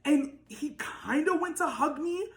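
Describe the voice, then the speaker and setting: A young woman with a naturally loud voice telling a storytime vlog, animated and laughing, with lots of "like". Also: sits high, a little slow, roomy sound, poor audio. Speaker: vlogger.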